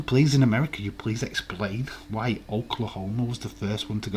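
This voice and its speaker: A man's voice: on the low side, fairly even intonation, fairly quick, hardly any pauses, a little mellow, a little hiss or hum. A man hosting a casual quiz live stream, reading out viewers' answers and swearing now and then.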